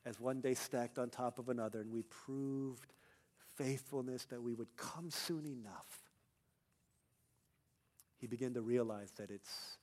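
A young male pastor preaching a sermon, telling a personal story and building to loud, emphatic peaks. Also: mid-range voice, unhurried, pauses often.

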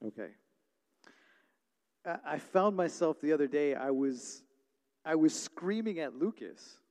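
A man in his thirties, a pastor preaching a sermon and telling stories with lively energy. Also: a little high, unhurried. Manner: storytelling, animated when retelling family moments. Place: church hall. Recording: long reverb of a large hall.

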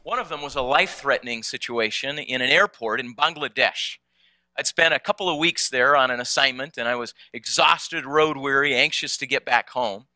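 A man's voice: medium pitch, moderate pace, pushed and bright, dry recording. A man telling a personal story in a conversational way to an audience, often repeating small words as he goes. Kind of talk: storytelling talk.

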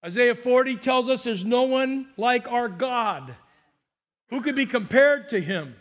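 A man's voice: very high-pitched, lively intonation, unhurried. A man from Southern California preaching as a pastor, earnest and emphatic, acting out quotes as he goes. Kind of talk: sermon.

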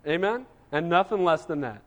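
A man's voice: fairly high pitch, animated, normal speed, long reverb tail. A man preaching a sermon as pastor, emphatic and conversational, often asking his congregation "Amen?".

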